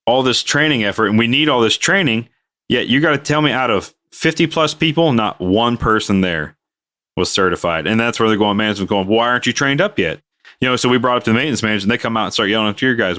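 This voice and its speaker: Fast and animated, the man's lowish, sharp-toned voice carries a work anecdote during casual podcast talk. He co-hosts the podcast and works in aviation maintenance, and he performs each quoted person with big swings in his voice.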